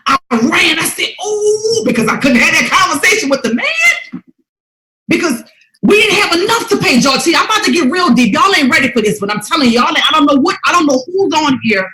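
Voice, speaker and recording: A woman delivers a motivational testimony in a fairly high voice. Her talk is emphatic and preacher-like, dropping to a hush and then rising to near shouts. The room around her is echoey. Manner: emphatic, preacher-like, swings from hushed to loud. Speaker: motivational speaker.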